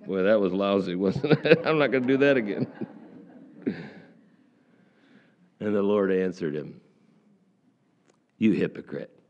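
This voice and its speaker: A man's voice: lowish voice, lively intonation, unhurried, long pauses, a little mellow, muffled recording. A middle-aged male pastor giving a conversational sermon, folksy and full of questions to the congregation.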